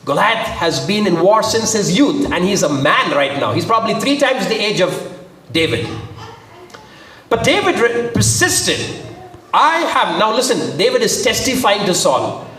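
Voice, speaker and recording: A high-voiced man preaches with great animation, his pitch swinging widely as he acts out the quoted lines. He sounds set back from the microphone in a roomy, echoing space. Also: animated, normal speed, a bit bright. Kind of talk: sermon. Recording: echoey, from a distance.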